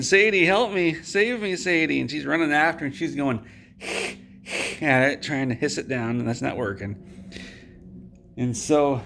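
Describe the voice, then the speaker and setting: A man telling an absurd tall tale to his viewers, deadpan and rambling with restarts. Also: mid-range voice, slight background noise. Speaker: video host.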